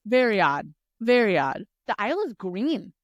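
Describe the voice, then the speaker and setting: A woman co-hosting a casual book podcast, retelling the plot in an animated way, acting out the characters and swearing freely. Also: medium pitch, unhurried, no room sound, highs cut off. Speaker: podcast co-host. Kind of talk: casual book recap chat.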